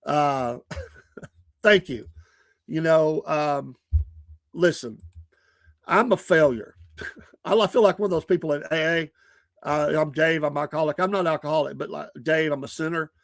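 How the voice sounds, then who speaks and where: A man hosts his own live podcast, talking earnestly and at length while often laughing at himself. His voice sits a little higher than most men's. The sound is dry and close to the mic. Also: measured pace, gravelly, long pauses, no echo. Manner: earnest, rambling, self-deprecating, laughs often. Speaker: podcast host. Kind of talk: casual talk on a live stream.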